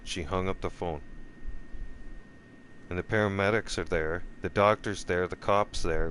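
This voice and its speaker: Man, lowish voice, casual vlog storytelling, swears a lot, repeats himself, faint hiss behind. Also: moderate pace. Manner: animated, profane, repeats himself. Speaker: vlogger.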